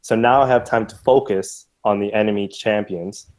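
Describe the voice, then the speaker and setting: A man co-hosting a casual gaming podcast, calmly explaining a gameplay point step by step. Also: fairly low pitch, normal speed. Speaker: podcast co-host.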